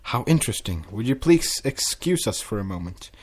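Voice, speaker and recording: A man's voice: fairly low pitch, sing-song, moderate pace, a little mellow, breathy edge. A man reading aloud and voicing a young, bookish female pony princess who turns bashful and defensive. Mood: flustered.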